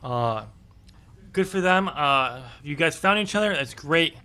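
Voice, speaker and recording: A man co-hosts a podcast in a loose, casual chat. His voice is fairly high and bright, and he talks in an opinionated way, full of ums. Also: lively intonation, unhurried, clean tone. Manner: opinionated, chatty with frequent ums. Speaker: podcast co-host.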